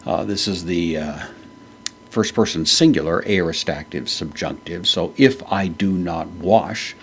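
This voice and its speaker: Deep-voiced man teaching Greek grammar. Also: unhurried, slight background noise. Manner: methodical, frequent "uh" fillers. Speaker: Greek New Testament teacher. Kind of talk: verse-by-verse grammar lesson.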